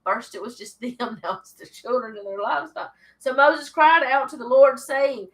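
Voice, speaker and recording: A woman's voice: high voice, moderate pace, few pauses, low-quality recording. A woman hosting a casual Bible study, reading scripture aloud and then talking it over with chatty asides.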